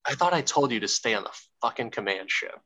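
A man's voice: mid-range voice, expressive, quick pace, pushed and bright, poor audio. A man playing a crude, bossy old galactic emperor, paraphrased in slangy casual speech.

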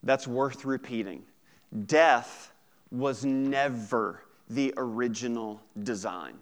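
A man preaching a sermon, swinging between loud bursts and quiet, intense passages, with casual asides to the congregation. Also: medium pitch, slow pace. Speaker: pastor.

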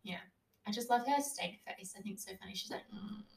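A woman's voice: mid-range voice, quick pace, creaky, a little hiss or hum. A young woman in casual chat, recapping a TV show with lots of "like" and acted-out quotes, swearing freely. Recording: echoey room.

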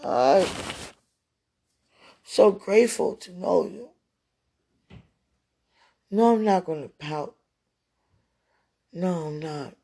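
A woman's voice: fairly low pitch, lively intonation, extremely slow, creaky, pauses often, warm tone, slightly rough. A woman talking into a phone held close, emotional and repetitive, with a prayerful tone, as if speaking live to a loved one.

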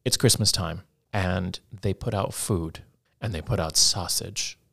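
A man's voice: low voice, unhurried, creaky, a bit bright. A man co-hosting a podcast who explains things earnestly in casual chat. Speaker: podcast co-host.

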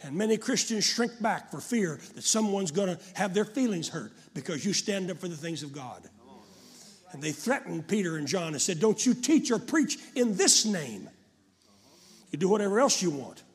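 An older man preaching a fervent sermon to a congregation, often rising to shouts. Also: sits high, expressive, brisk. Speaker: pastor.

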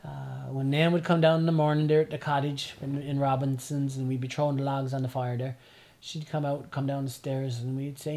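A man's voice: medium pitch, little pitch movement, brisk, a little mellow. Rambling middle-aged man. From Newfoundland, Canada. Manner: reflective, rambling storyteller with frequent restarts. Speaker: podcast guest. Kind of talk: casual conversation.

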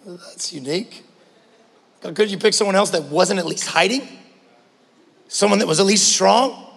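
A man preaching a sermon as pastor, passionate, swinging between hushed talk and shouting. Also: high voice, normal speed, vocal fry, big-room sound. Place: church.

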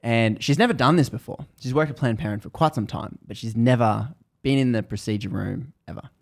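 A man hosting a podcast, casually retelling a book's story in animated bursts that build tension. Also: mid-range voice, fairly quick, gravelly. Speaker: podcast host. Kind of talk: casual book recap chat.

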